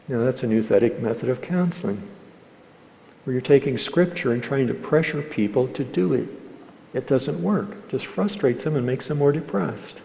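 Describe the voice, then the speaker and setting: Gravelly male pastor in a reverberant church. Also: medium pitch, normal speed. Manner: acts out quoted scolding voices, then drops to soft caring tones. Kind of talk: sermon. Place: church sanctuary.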